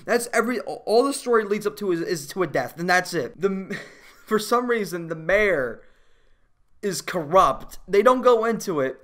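A movie reviewer ranting casually about a film, profane and exasperated, laughing often and getting loud at times. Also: medium pitch, moderate pace. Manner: animated, rising to loud outbursts.

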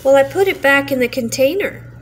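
A woman's voice: sits high, animated, brisk, faint music behind, voice pushed up. An older woman voicing a cheerful, literal-minded young maid in a storybook reading, speaking in a raised, eager and innocent tone. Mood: earnest. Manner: eager, innocent, matter-of-fact.

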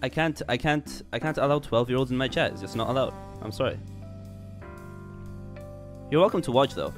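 A man's voice: mid-range voice, lively intonation, brisk. A young man livestreaming a game, chatting in a goofy, rambling, self-mocking way with stammered restarts. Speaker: streamer. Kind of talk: casual game livestream chat. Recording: jazz music faintly behind.

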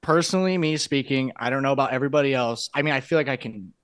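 Blunt, swearing metal band guest from Iowa. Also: male voice, mid-range voice, fast. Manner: blunt, ambitious, swears freely. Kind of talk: casual interview chat.

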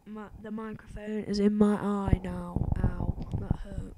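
Teen girl gamer, hyper and rambling, slow gravelly delivery, hissy home mic. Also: mid-range voice, flat delivery. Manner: hyper, rambling, says "like" a lot. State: sick. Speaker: gaming YouTuber. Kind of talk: casual gameplay commentary.

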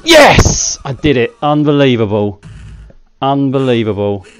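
A man giving casual, self-mocking commentary while playing a fighting game, with excitable outbursts. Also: medium pitch, moderate pace, lo-fi sound, soft background music. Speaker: gaming channel host.

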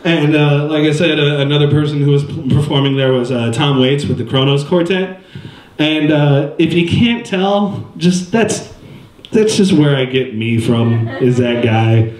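A man's voice: fairly high pitch, a little slow, darkish tone. A man in his twenties doing stand-up comedy in a live venue, rambling and self-deprecating, jumping into voices. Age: 20s. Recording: roomy stage sound.

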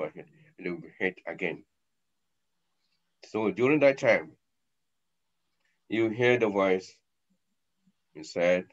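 A man, a sheikh giving a sermon, acting out scenes with sudden loud and soft turns, on a dull lo-fi recording. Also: deep voice, lively intonation, takes it slowly, long pauses. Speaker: sheikh, lecturer.

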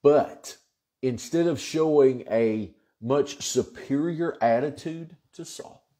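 Folksy pastor, lively and unhurried. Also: male voice, mid-range voice. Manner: folksy, chatty and earnest, with frequent fillers. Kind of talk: casual Bible study chat.

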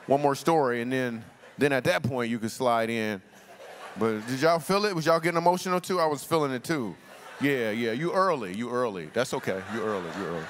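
A man's voice: fairly high pitch, fairly bright tone. A man giving a guest sermon in a casual, joking way, bantering with the congregation. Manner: conversational, jokey, bantering with the crowd. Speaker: guest speaker. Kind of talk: comedic sermon. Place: large church hall. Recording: live sermon with long hall reverb.

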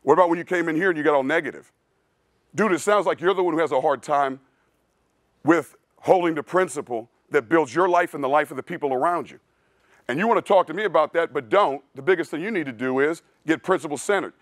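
Speaking fast in a slightly high voice, a male strength coach delivers a clinic talk that is blunt and preachy yet casual, frequently addressing listeners as "dude." The studio sound is clean, with no room sound.

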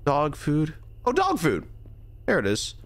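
Male streamer, Californian accent, very lively swooping pitch, rambling and incredulous, keeps repeating words. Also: a little slow, vocal fry. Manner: rambling, restarts and stammers. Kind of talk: live gameplay commentary.

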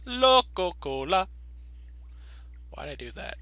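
A man hosting a let's play, making quick joking asides about the game as he reads it. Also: mid-range voice, expressive, pushed and bright, no room sound. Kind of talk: casual gameplay commentary.

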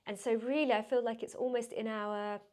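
A woman's voice: on the high side, fairly even intonation, a little fast, a little mellow. A woman who is a guest on a podcast, talking in a thoughtful, reflective way. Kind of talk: casual podcast chat.

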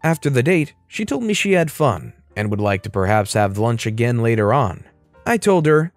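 A man reading an online story aloud as a first-person narrator, in a lively scripted style. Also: mid-range voice, moderate pace, dry recording, soft background music.

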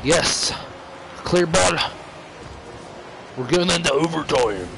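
A man's voice: on the high side, lively intonation, takes it slowly, creaky. Young man streaming with hiccups, noisy. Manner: groaning, coughing, hiccuping. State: hiccups, nauseous. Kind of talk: casual gaming banter. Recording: noisy home stream audio.

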